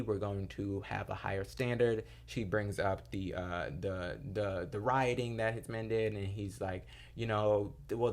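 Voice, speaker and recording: In a casual recap chat, a young TV episode reviewer with a fairly low voice walks through an episode loosely. He rambles, uses lots of fillers, and drops into quoted lines while retelling scenes.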